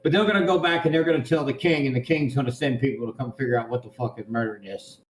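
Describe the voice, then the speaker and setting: A man playing a tabletop role-playing game, chatting in a loose, profane way and laughing often. His voice sits at a middle pitch. The room around him sounds echoey. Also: fast, slight background noise. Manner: loud, swearing, laughs often, jumps into higher voices for quotes. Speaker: player. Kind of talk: casual chat.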